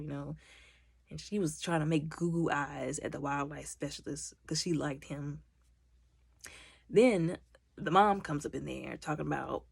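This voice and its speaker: A woman giving a casual movie recap, animated and exasperated, acting out characters' lines as she goes. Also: low-pitched, normal speed, vocal fry, slightly rough, no room sound. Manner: exasperated, mocking commentary. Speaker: movie reviewer.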